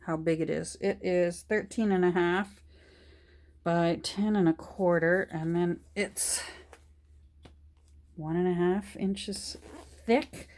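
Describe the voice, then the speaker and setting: A woman's voice: fairly low pitch, fairly even intonation, takes it slowly, pauses often, a little mellow. A middle-aged woman chatting casually while she works, showing a book haul to her phone, restarting her sentences as she goes. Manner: drops to a whisper while showing pages. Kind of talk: casual chat while working.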